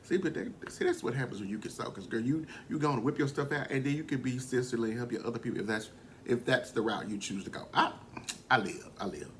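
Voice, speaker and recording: A man giving a casual, gossipy recap of a reality show, animated and quick to laugh as he tells it. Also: medium pitch, slight background noise. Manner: gossipy and animated, often laughing, slips into quoting.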